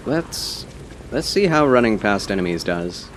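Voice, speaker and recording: A man streaming a game live, chatting casually and politely with his viewers, with quick laughs and muttered asides. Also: on the low side, very animated, background noise. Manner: chatty, answers chat, playful and polite.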